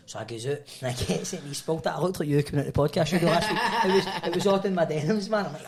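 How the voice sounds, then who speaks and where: A man's voice: on the high side, very fast, a little mellow. A Scottish man co-hosting a casual podcast, telling anecdotes with plenty of laughter. He acts out other people's voices as he tells each story. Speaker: podcast co-host. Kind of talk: casual pub-style chat.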